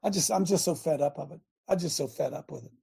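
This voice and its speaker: Male radio host, fiery preacher, high husky voice. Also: fast, warm tone. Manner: fervent, preachy, sarcastic. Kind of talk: preaching on a talk show.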